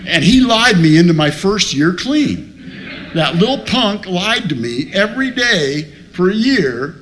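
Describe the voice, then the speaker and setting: At a recovery meeting, a man shares a blunt, profane story with humor, voicing both sides of the conversation. He speaks a little slowly in a high-pitched, sing-song, slightly bright voice, with a bit of hiss or hum present.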